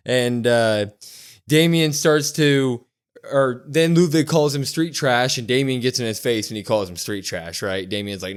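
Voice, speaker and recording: A young man co-hosting a casual podcast, retelling events in an animated way and acting out the quoted lines. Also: mid-range voice, normal speed. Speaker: podcast co-host.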